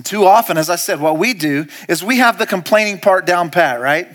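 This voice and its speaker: A male pastor preaching a sermon. He speaks straight to the congregation, moving from hushed, slow lines to loud, repeated commands. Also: high-pitched, animated. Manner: speaks to the congregation directly, asking questions and calling out to them.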